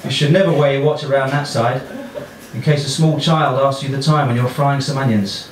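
Deadpan English comedian in an echoey club. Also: male voice, medium pitch, fairly quick. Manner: deadpan, offhand, chatting with the crowd. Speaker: stand-up comedian. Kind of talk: stand-up comedy set. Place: small comedy club stage.

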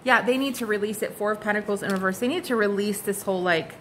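A woman's voice: mid-range voice, fast talker, a little hiss or hum. A woman giving a casual, gushing tarot reading to her viewers, exclaiming and swearing freely as she turns the cards. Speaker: tarot card reader.

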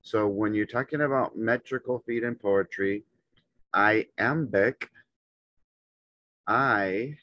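A man teaching a lesson, walking through a chart in slow, halting, short phrases. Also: fairly low pitch, pushed and bright, dry recording. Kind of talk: instructional walkthrough. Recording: dull, muffled lo-fi audio.

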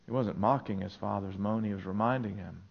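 A man's voice: fairly low pitch, brisk, vocal fry. A male pastor preaching a sermon in a church, telling stories in an earnest way. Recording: dull lo-fi sermon recording.

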